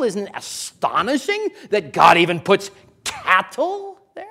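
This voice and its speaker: A man preaching a sermon in a folksy, conversational way, chuckling now and then and building to loud, emphatic declarations. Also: sits high, wildly swooping pitch, unhurried, vocal fry.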